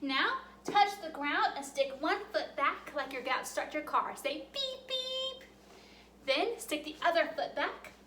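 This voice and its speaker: Woman, high voice, cheerful sing-song kids' yoga instructor, echoey room. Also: normal speed, few pauses, a bit bright, a little hiss or hum. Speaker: children's storytime leader. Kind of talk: guiding a children's yoga storytime.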